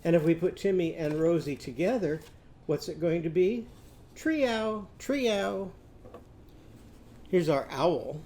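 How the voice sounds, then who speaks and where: A man teaching a children's literacy lesson, modeling speech sounds slowly and leading the class to repeat them. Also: fairly high pitch, warm tone, a little hiss or hum.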